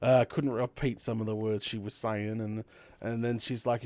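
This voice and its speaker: A young Australian man, a streamer host, telling a story in casual chat with laughter and lively retelling. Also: lowish voice, moderate pace, dry recording.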